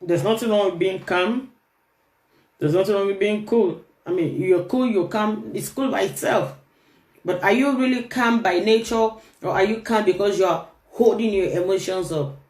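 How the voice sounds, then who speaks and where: A woman's voice: mid-range voice, normal speed, a little mellow. A woman with a mid-range voice gives an earnest relationship talk, hammering home her points by repeating them. Her voice rings around a roomy, echoey space. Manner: emphatic, repeats key phrases. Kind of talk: earnest motivational talk to camera. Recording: roomy echo.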